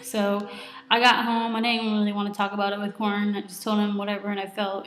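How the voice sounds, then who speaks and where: A young woman in her twenties talks through her week in a casual video diary, rambling and chatty with lots of "like". Her voice sits at a middle pitch and rings in an echoey room. Faint music plays underneath. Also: little pitch movement, moderate pace, fairly bright tone. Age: 20s. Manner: chatty, lots of "like", retells with quoted reactions. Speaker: vlogger.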